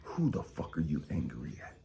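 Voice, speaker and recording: A man giving a blunt, profane motivational monologue as a spiritual coach, dropping to hushed whispers and then rising to loud outbursts. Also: very deep voice, wildly swooping pitch, normal speed, creaky, a little hiss or hum.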